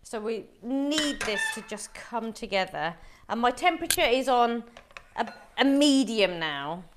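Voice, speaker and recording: A woman's voice: a little high, sing-song, measured pace, background noise. A middle-aged woman from Wolverhampton, England, hosting a live cooking show and chatting to viewers as she explains each step.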